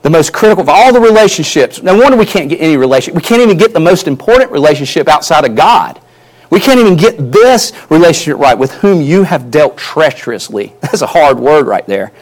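A man's voice: on the high side, big pitch swings, normal speed. A male pastor preaching a sermon earnestly, his emphasis rising and falling, often repeating words as he builds a point.

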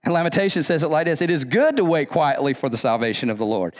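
A man's voice: on the high side, lively intonation, fast, dry recording, studio quality. A man preaching a sermon as pastor, emphatic and repetitive, often restarting his phrases.

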